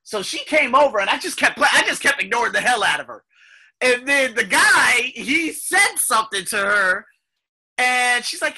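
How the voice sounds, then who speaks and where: Animated husky man telling stories. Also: very high voice, moderate pace. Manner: animated, profane, rambling with restarts. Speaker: ESL podcast host. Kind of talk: casual storytelling monologue.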